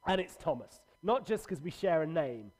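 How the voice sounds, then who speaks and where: A man's voice: a little high, big pitch swings, normal speed, a little mellow. A man pastor giving a livestreamed church sermon, earnest and conversational with emphatic repetition.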